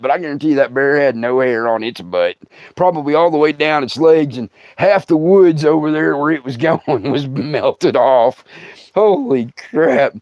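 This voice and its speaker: A middle-aged man, hosting a comic storytelling livestream, laughing through his tale and breaking into loud outbursts. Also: on the high side, no echo. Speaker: comedian host. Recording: dull, dry sound.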